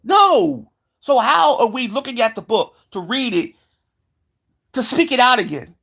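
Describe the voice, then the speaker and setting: Vlogger ranting to camera: heated and sarcastic, swears nonstop, trips over repeated words, medium pitch. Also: sing-song, unhurried, vocal fry, fairly bright tone. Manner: stumbles into repeated filler words; mocking voices of believers. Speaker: solo vlogger. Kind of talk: profane rant to camera.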